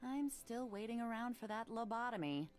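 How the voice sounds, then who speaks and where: A woman's voice: a little high, lively intonation, normal speed, a little mellow, soft background music, natural voice. A woman voicing a sarcastic young bookshop clerk. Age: 20s. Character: witty young woman bookshop assistant, sharp-tongued. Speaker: game character. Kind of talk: voiced adventure game dialogue.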